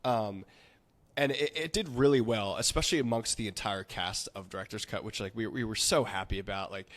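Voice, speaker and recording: Excitable rambling podcast host, a man. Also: fairly low pitch, fairly quick. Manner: excitable, rambling, lots of "like" and swearing. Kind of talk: casual podcast interview.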